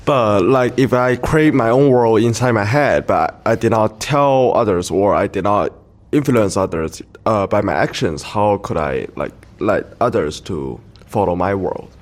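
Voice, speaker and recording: A man's voice: fairly low pitch, lively intonation, a little slow. A male student hesitantly asking a question in class, heard from a distance. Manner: hesitant, searching for words.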